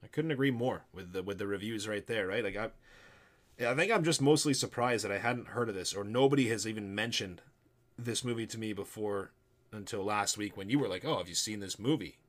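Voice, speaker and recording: Animated man chatting about a movie. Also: fairly quick. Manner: animated, laughing, drifts into mumbling lows. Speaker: podcast co-host. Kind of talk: casual movie review chat.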